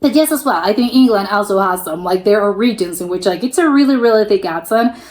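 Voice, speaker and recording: A woman's voice: mid-range voice, animated, fast, darkish tone. An American woman hosting a reaction video, musing aloud in a chatty, rambling way with many restarts. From United States. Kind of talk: casual reaction commentary.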